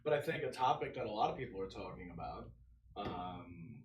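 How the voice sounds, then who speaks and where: A man's voice: low-pitched, expressive, a little fast, echoey room, recorded from a distance, a little hiss or hum, low-quality recording. A man with a New York accent chatting casually as a podcast co-host, joking and rambling, often laughing. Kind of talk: casual chat.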